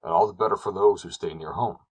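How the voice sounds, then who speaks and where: A man's voice: low voice, quick pace, a little mellow, slightly rough. A man voicing a blunt, plain-spoken mountain shepherd in a storybook reading, skeptical and down to earth.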